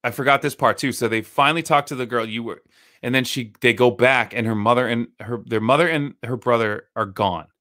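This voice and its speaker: Bright-voiced man in his thirties, storytelling. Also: mid-range voice, fairly quick. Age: 30s. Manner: swearing, storytelling, rambling. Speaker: podcast co-host. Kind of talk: casual chat.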